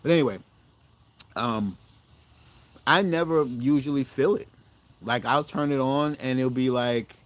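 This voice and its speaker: A middle-aged cooking-channel host with a mid-range voice chats casually with his viewers. He rambles, corrects himself, and brings his stories to life.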